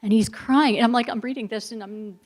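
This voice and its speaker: A middle-aged woman historian, a guest speaker who answers audience questions with animated, emphatic storytelling and asides. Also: a little high, fairly quick.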